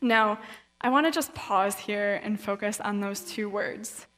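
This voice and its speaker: A woman's voice: mid-range voice, unhurried, a bit bright. Woman preaching casually in a reverberant hall. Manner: casual and chatty, briefly acts out the voices of people in the story. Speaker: guest speaker at a young adult event. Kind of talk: conversational sermon with Bible reading.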